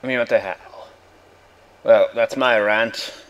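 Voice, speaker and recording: Swearing a lot and clearly fed up, this young gaming host delivers a rambling rant while the gameplay runs. He speaks slowly in a lowish, fairly bright voice whose intonation stays fairly even.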